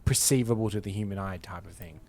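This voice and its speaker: A man's voice: low voice, quick pace, a little mellow. A man co-hosting a podcast in casual chat, playful with a dry sarcastic streak. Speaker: podcast co-host.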